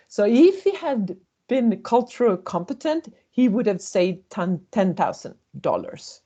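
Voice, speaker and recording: Lively woman presenting a webinar. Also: a little high, a little slow, slightly rough, dull audio. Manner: storytelling, acting out quoted voices. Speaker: intercultural communication consultant.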